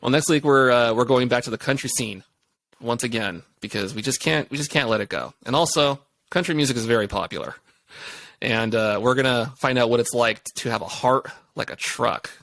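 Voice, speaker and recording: A man's voice: mid-range voice, fairly quick, gravelly, a bit bright, no room sound. An older man co-hosting a casual music review chat, easygoing and laughing often. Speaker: co-host.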